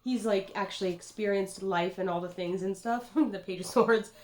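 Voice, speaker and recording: A tarot card reader, a woman in her twenties, speaks at normal speed in a medium-pitched voice. Her casual vlog is rambling and full of swearing, with "dude" coming up constantly.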